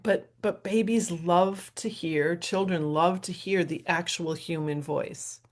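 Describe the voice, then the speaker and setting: A woman's voice: fairly low pitch, fairly even intonation, takes it slowly. A middle-aged woman hosting her show, talking in a casual, rambling solo monologue with frequent laughs. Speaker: host and professional violinist.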